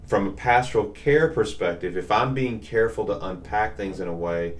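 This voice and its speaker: A Southern man in his forties with a very deep voice tells stories with a relaxed, drawling warmth. He is a pastor chatting on a podcast, animated and easygoing, with a strong low register. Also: normal speed. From Southern US, Nashville. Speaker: pastor, co-host. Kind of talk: casual chat, storytelling.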